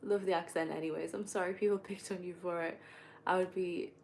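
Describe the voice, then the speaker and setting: A woman's voice: lowish voice, steady tone, a little fast, a little mellow, slight background noise, poor audio. A young woman from North East England with a Northumbrian accent, chatting casually and rambling while she plays a game and answers viewer questions. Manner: chatty, rambling, laughs often. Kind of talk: casual chat while gaming.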